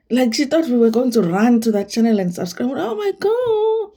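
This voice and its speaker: A woman's voice: on the high side, normal speed, warm tone. A woman with a South African accent hosting a gossip vlog, emphatic and playful, repeating herself for effect. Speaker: entertainment vlogger. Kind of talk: casual gossip commentary.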